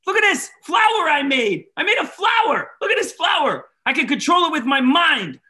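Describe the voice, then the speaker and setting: A man performing a magic show for children, animated and leading the audience in call-and-response. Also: extremely high pitch, moderate pace. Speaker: maker magician giving keynote.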